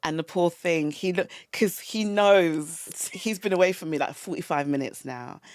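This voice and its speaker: A woman, a podcast guest telling a personal story in a casual, animated way. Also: fairly low pitch, moderate pace, no room sound, clean studio sound. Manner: animated storyteller acting out quoted lines. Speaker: guest, toy brand founder.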